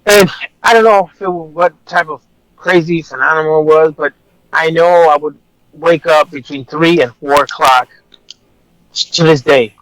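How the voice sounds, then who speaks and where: A man's voice: a little high, moderate pace, a bit bright, no room sound, poor audio. A man, an officer, telling a personal story in a casual, rambling way, blunt and swearing at times. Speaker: officer guest.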